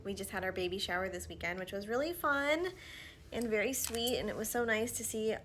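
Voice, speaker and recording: A woman's voice: mid-range voice, a little fast. Thirties woman vlogger, casual chat at home, slightly winded, a faint hiss behind her. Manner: chatty, filler-heavy, drops to soft asides while applying makeup. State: slightly out of breath from pregnancy. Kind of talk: casual get-ready-with-me chat. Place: at home, indoors.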